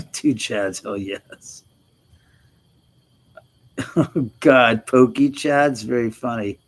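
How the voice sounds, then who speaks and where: A middle-aged man with a mid-range voice speaks extremely slowly on a low-quality recording. He's hosting a casual livestream, reading comments and chatting with viewers, laughing often and swearing freely.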